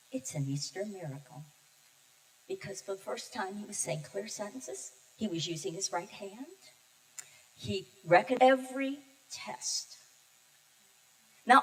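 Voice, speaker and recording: An older woman minister giving a heartfelt, personal sermon, telling her story with pauses and emotion. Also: medium pitch, fairly bright tone. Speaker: guest minister. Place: church sanctuary. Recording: distant mic in a reverberant sanctuary.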